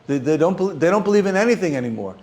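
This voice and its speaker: An older man, teaching an informal class as a rabbi, halting and repeating words as he speaks. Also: a little high. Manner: halting, repeats words often, animated when stressing points. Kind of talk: informal Torah class talk.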